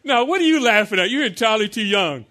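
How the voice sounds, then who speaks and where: Bright-voiced man preaching with call and response. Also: high voice, expressive. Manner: call-and-response preaching, asks the congregation to answer; emphatic, slows to stress scripture lines. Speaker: pastor. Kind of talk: sermon.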